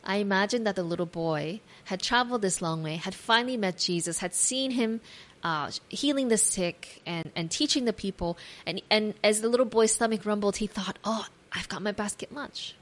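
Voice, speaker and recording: A woman giving a devotional talk, reading scripture aloud and retelling the story imaginatively with gentle asides to the listener. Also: medium pitch, moderate pace. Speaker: devotional speaker.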